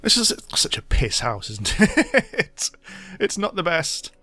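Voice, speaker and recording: Chatty man with a lively voice. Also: high voice, takes it slowly, no room sound. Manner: rambling, self-mocking, thinking aloud. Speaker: let's play host. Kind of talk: casual gameplay commentary.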